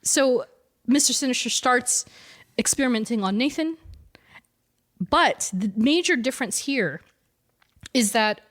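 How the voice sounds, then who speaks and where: A woman co-hosting a podcast in casual chat, retelling a comic storyline with animated energy and frequent laughter. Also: a little high, a little slow, pauses often. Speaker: podcast co-host.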